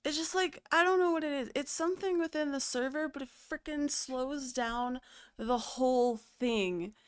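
A woman's voice: high voice, moderate pace. A young adult woman streaming a game, ranting in exasperation and swearing often in casual chat. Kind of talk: casual live-stream venting.

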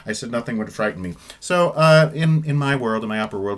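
A middle-aged baritone singer giving casual spoken commentary on an opera recording, chatty and digressive, with offhand swearing. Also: male voice, lively intonation, fast talker, hardly any pauses, a bit bright.

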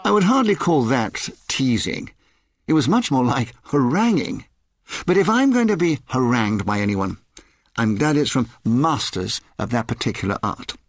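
Brief: male presenter, polished links, lively delivery, dry close studio. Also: mid-range voice, normal speed, dry recording. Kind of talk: scripted tribute narration.

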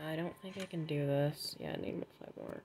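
A woman's voice: sits low, steady tone, moderate pace, a little mellow, a little hiss or hum. A young woman giving casual gameplay commentary, chatty, swearing freely and talking to the game characters. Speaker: gaming vlogger.

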